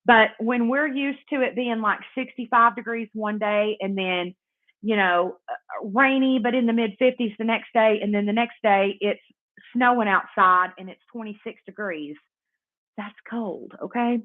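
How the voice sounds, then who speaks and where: A woman's voice: a little high, measured pace. Rambling woman on tinny audio. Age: 30s. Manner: rambling, profane, heavy use of "like". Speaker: live-stream host. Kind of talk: casual storytime.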